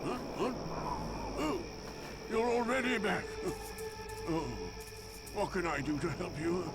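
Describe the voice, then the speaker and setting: A woman's voice: fairly low pitch, animated, takes it slowly, loud music behind the voice. A woman voicing a pompous older male scholar character in a game, haughty and self-satisfied.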